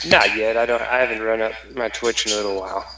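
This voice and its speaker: A man's voice: fairly low pitch, fairly even intonation, fast, echoey room, background noise. A man joining a let's play as side commentator, making joking, wisecracking remarks. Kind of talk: casual gameplay chat.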